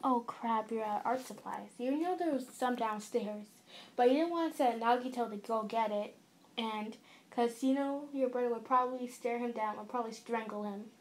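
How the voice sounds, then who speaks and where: A woman's voice: fairly high pitch, normal speed. A young woman casually narrating a second-person fan-fiction story, with a few slips. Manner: casual, informal reading with small slips.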